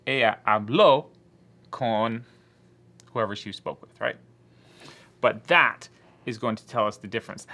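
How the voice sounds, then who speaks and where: A man's voice: mid-range voice, sharp tone. A man teaching a Spanish grammar lesson to his class, explaining patiently and voicing the objections students might raise.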